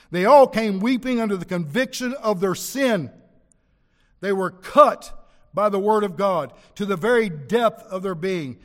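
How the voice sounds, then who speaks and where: A man preaching a sermon, his voice pitched high for a man. He presses his points hard and slows down to stress key words. The sound rings with the long reverb of a large hall. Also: a bit bright.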